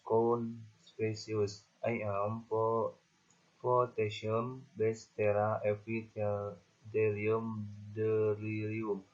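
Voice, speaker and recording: Low husky man with an Indonesian accent. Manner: reads lists of example words in a flat monotone. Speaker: student presenter. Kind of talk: reading word lists from a class presentation. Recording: dull lo-fi recording.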